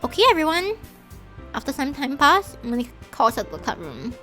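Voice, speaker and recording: A woman streamer narrates a visual novel aloud as she plays, reacting with animated emotion. Her voice is high and moves a lot in pitch. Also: moderate pace, soft background music. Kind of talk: reading a visual novel aloud while playing.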